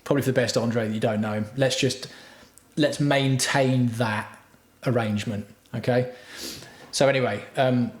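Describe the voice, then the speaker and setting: Crude, rambling male streamer, mid-pitched, echoey room. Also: fairly even intonation, moderate pace. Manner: profane, crude, self-mocking storytelling. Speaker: livestream host. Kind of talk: rambling casual livestream chat. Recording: roomy home room.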